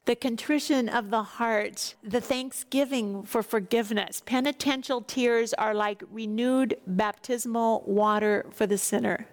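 A woman's voice: medium pitch, creaky. A woman reading scripture aloud and explaining it in an earnest, devotional way, asking her listeners questions. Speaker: Bible teacher. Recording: long hall reverb.

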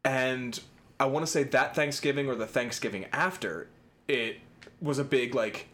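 A man's voice: mid-range voice, moderate pace, fairly bright tone. A man co-hosting a podcast in casual chat, laid-back and teasing, swearing freely. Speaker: podcast co-host.

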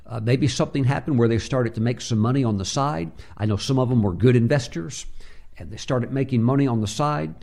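Man preaching, lots of uhs. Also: darkish tone. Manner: many filler uhs, acts out quoted voices in a higher pitch. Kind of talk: sermon storytelling.

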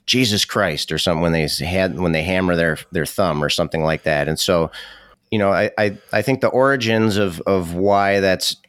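A man's voice: low-pitched, moderate pace, fairly bright tone, dry recording, studio quality. A man co-hosting a casual podcast, asking careful, curious questions in an apologetic tone. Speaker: podcast co-host.

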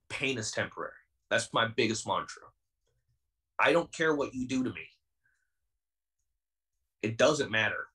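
A man's voice: medium pitch, bright, forceful tone, recorded from a distance, rough recording. A young man in his twenties, a pro wrestler being interviewed on a podcast, talking in a heated, defiant and intense way. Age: 20s.

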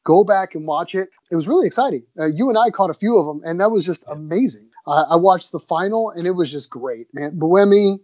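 A man's voice: sits high, lively intonation, fairly quick, hardly any pauses, darkish tone, dry recording, dull audio. A man co-hosting a podcast in casual chat, enthusiastic and laid-back, often saying "man" and "dude". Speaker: podcast co-host.

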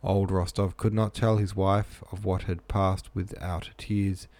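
A man's voice: deep voice, little pitch movement, measured pace, a little mellow. A man reading a novel aloud, plain with casual asides, close-miked in a small room. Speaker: reader.

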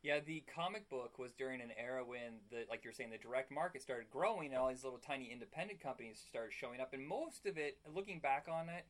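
A man talks quickly in relaxed conversation, giving firm opinions. His voice sits at an average pitch for a man. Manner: fast-talking, opinionated. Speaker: podcast co-host. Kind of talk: casual chat.

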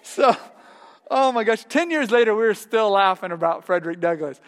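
A male pastor preaching a sermon, telling stories in a lively, animated way and laughing along with them. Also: sits high, normal speed, long reverb tail. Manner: storytelling, laughs heartily while telling anecdotes.

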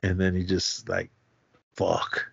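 A man's voice: on the low side, normal speed, no echo. A man co-hosting a podcast, retelling a film's plot in casual chat and acting out the characters' lines. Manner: animated retelling, acts out quotes. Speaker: podcast co-host. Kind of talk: casual movie recap. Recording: slightly muffled, dry sound.

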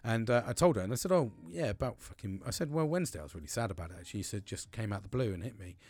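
Low, sweary man rambling. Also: lively intonation, fast talker, darkish tone, no echo. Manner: rambling, sweary, many restarts. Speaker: podcast host. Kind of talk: casual personal monologue.

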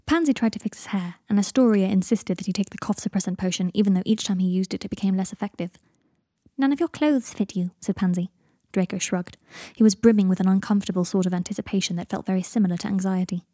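A woman reading a fan story aloud, softly, often slipping into a whisper. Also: mid-range voice, steady tone, fast talker, dry recording, studio quality. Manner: soft voice, dropping into whispers for narration tags. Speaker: fan fiction reader. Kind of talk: audiobook narration.

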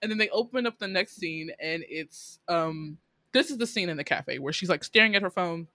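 A woman casually recapping a drama episode, animated and laughing as she acts out the characters' lines. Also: on the low side, normal speed, dry recording. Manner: animated storytelling, laughing often, acting out lines. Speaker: podcast co-host recapping a drama. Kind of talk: casual chat.

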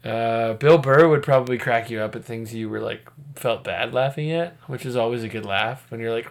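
A man with a gravelly, rough-edged voice co-hosting a podcast. He chats loosely over drinks, cracking jokes and breaking into laughter often. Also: mid-range voice, fairly quick. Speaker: podcast co-host. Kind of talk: casual chat over drinks.

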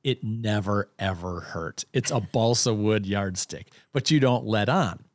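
A man's voice: lowish voice, unhurried, dry recording. A man in casual conversation, telling a self-deprecating childhood story with lots of restarts.

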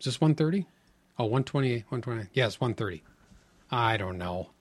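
A man's voice: mid-range voice, lively intonation, brisk. A man co-hosting a podcast in casual banter, teasing his partner and joking around. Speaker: podcast co-host.

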